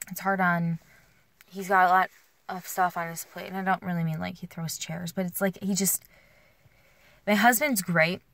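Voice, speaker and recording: A woman's voice: mid-range voice, creaky, a bit bright. A young woman talks in a car, venting in a rambling, restart-filled way, full of filler words. She sounds emotionally worn down. The sound is close and dry, with no room echo. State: emotionally worn, feeling alone. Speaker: vlogger. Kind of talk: casual venting while driving.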